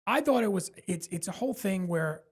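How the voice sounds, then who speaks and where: A man's voice: sits high, lively intonation, a little fast, breathy edge. A man from Brooklyn, a stand-up comedian who is a guest on a podcast, talks in a rambling, casual way full of "like" and "you know". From Brooklyn, New York.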